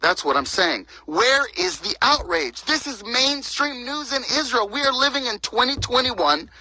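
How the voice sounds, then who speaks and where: A bright, tense voice preaches with fervent indignation and piles up rhetorical questions. The sound is dry and close, with no room around it. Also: mid-range voice, lively intonation, moderate pace, no room sound, rough recording. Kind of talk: impassioned preaching monologue.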